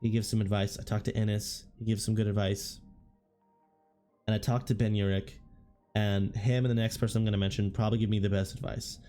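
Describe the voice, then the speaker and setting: A man with a worn, hoarse voice talks through a relaxed, rambling recap, often restarting his sentences. His tone is mellow and warm, and soft music plays faintly underneath. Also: on the low side, a little fast. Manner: casual, rambling, with frequent restarts. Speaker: tabletop wargame content creator.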